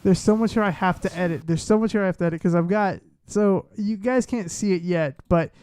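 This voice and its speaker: A man live-streaming casually, talking to himself in a flustered way as he fiddles with his software. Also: high-pitched, fairly quick, soft background music.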